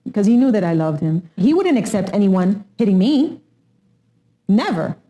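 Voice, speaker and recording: A middle-aged woman recalling family events in a documentary interview, animated, acting out quotes and laughing often. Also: mid-range voice, normal speed, highs cut off.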